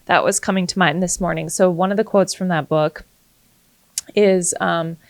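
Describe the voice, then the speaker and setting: A woman real estate agent co-hosting a podcast, talking fast in casual chat. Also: lowish voice, fairly even intonation, no room sound.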